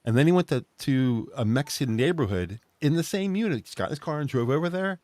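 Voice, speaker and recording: Lively-voiced man chatting wryly. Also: mid-range voice, quick pace, no room sound. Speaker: podcast co-host. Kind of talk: casual chat.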